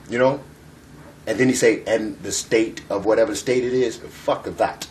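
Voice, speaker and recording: A man's voice: fairly low pitch, fairly even intonation, moderate pace, darkish tone, slight background noise. A man giving a freewheeling spiritual monologue to camera, profane and emphatic, repeating phrases and using street slang. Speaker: spiritual vlogger.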